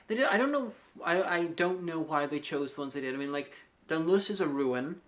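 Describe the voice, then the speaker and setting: A man co-hosting a podcast in casual chat. He explains things in a measured way and asks thoughtful questions. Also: fairly high pitch, lively intonation, a bit bright. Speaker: podcast co-host.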